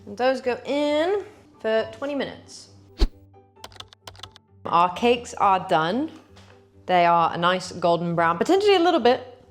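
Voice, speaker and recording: A woman's voice: medium pitch, takes it slowly, pauses often, soft background music. A woman chatting casually to viewers as she bakes in a cooking vlog. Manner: chatty, talks to viewers while working. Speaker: cooking vlogger.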